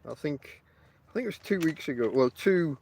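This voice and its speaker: A man's voice: fairly high pitch, lively intonation, normal speed, darkish tone, a little hiss or hum. A middle-aged man with a mixed Yorkshire and Lancashire accent, hosting a casual podcast and rambling through his stories with many ums and restarts. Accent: northern English, mixed Yorkshire and Lancashire. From England. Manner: meandering, chatty, many ums and restarts, addresses listeners directly. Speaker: podcast host. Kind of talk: casual rambling monologue to listeners. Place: outdoors on the coast.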